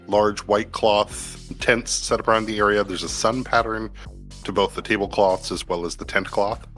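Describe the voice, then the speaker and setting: A man narrating as game master of a tabletop game, setting scenes in a relaxed, descriptive way with fillers, over light background music. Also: on the low side, moderate pace.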